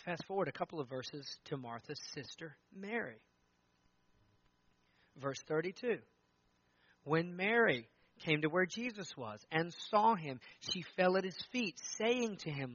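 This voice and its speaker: Bright-toned man preaching conversationally. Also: a little high, animated, a little slow, dry recording, lo-fi sound. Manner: conversational preaching with acted-out quotes. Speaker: pastor. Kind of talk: sermon.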